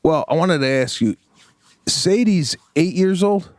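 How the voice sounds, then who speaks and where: A man's voice: a little high, animated, a little slow, no echo. Reflective man, dry close sound. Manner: reflective, searching for words. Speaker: podcast co-host; father. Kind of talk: casual chat.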